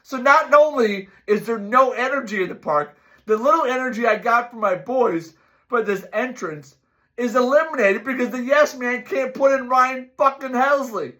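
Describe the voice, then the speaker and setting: A middle-aged man hosts a fan sports show with a notably high, bright voice. He rants emphatically and keeps circling back to the same catchphrases. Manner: emphatic, repeats "my, oh, my" and "folks". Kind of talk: ranting sports commentary.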